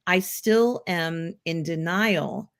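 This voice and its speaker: A woman's voice: lowish voice, very slow. A woman hosting a casual live pop culture stream, reading out viewer comments in a rambling way with many filler ums.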